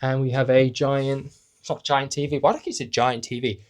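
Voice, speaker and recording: Speaking a little fast in a level, mid-range tone, this young travel vlogger and host jokes his way through a handheld-camera tour of a small hotel room. His manner is chatty, with offhand asides tossed in.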